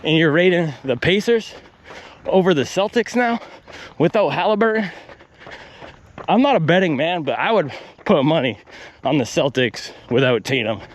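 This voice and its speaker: A man's voice: a little high, animated, normal speed, pauses often, a little hiss or hum. A man vlogging while out on a run, ranting animatedly and working through his pace math aloud. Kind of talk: casual vlog rant while running. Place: outdoors on a run.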